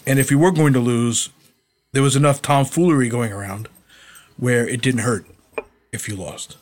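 A man's voice: medium pitch, normal speed. Male podcast co-host, casual storyteller, mid-range voice. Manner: storytelling, laughing at old road stories. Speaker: podcast co-host, former wrestler. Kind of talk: casual chat.

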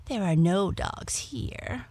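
A woman voicing a friendly, polite female yellow cat who calmly reassures her new friend in a storybook reading. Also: mid-range voice, takes it slowly, husky, no echo, whispered, pitched above the performer's own voice, heavily acted. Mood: reassuring.

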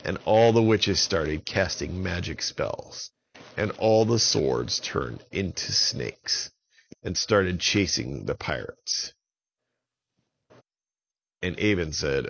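A man telling a children's story in an unhurried, expressive way. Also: sits low, vocal fry, slightly rough, lo-fi sound.

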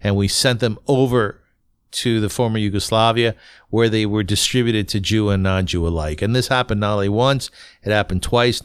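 Smooth-voiced middle-aged man telling stories. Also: fairly low pitch, a bit bright, dry recording, clean studio sound. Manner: conversational storyteller, frequent fillers and restarts, blunt. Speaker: podcast host telling his own story. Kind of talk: solo podcast monologue.

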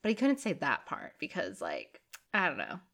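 A woman's voice: sits low, huge pitch swings, moderate pace, creaky, fairly bright tone. Profane, joking woman host. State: sick with covid. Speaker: podcast co-host. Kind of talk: casual storytelling chat.

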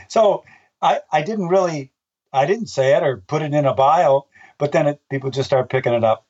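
A man's voice: a little high, a little fast, darkish tone. An older man, a race announcer, telling stories in a casual interview, rambling with restarts and acting out voices in his anecdotes. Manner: rambling, with many restarts and fillers. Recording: dull, distant-sounding recording.

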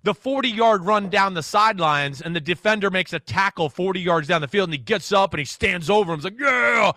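A man in his forties, a former quarterback and guest analyst on sports talk radio, telling animated stories and acting out what people said. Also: sits high, brisk, no room sound, studio quality. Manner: animated storyteller who acts out quotes.

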